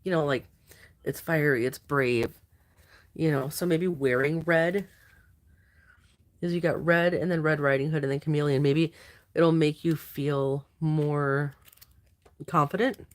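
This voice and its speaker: A drowsy woman talks through a weekly tarot spread in a loose, wandering way. She drifts between thoughts and leans on fillers. Her delivery is informal and unhurried. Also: sits low, fairly even intonation. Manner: rambling, loose, many fillers and trailing thoughts. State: sleepy, yawning. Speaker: tarot card reader. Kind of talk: casual weekly tarot reading.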